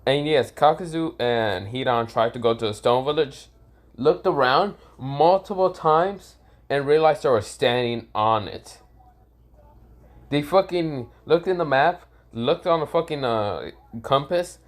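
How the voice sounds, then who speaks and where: A man's voice: mid-range voice, lively intonation, measured pace. A man at home spins an improvised fan story off the cuff. He rambles, swears freely and stops to correct himself as he goes. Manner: rambling, profane, self-correcting.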